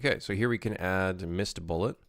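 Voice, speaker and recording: Working on his game during a livestream, a late-twenties game developer chats casually, reads chat aloud, rambles, and swears a lot. His voice sits low, with a fairly bright tone and a slightly fast pace, on a dry, clean studio recording.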